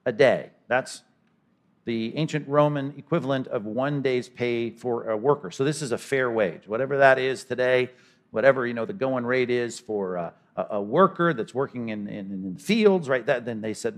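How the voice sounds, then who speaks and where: A man's voice: mid-range voice, moderate pace. A man preaching an expository sermon as a pastor, talking conversationally and slipping into characters' voices. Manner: animated, acts out characters in conversational asides.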